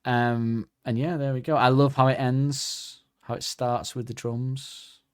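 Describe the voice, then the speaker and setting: A man's voice: mid-range voice, fairly even intonation, a little slow, clean tone. A man co-hosting a casual music podcast, rambling and hedging as he chats. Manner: chatty, rambling, hedging asides. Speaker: podcast co-host.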